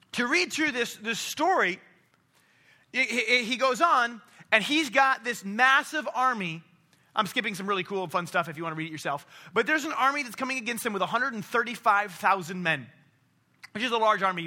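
A man's voice: extremely high pitch, pushed and bright. A man preaching a casual sermon, telling stories and acting out characters, with frequent restarts. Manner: storytelling, acts out characters in quotes.

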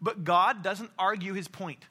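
A man's voice: sits high, a little slow, sharp tone, breathy edge. A man preaching a casual sermon, telling stories and acting out characters, with frequent restarts. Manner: storytelling, acts out characters in quotes.

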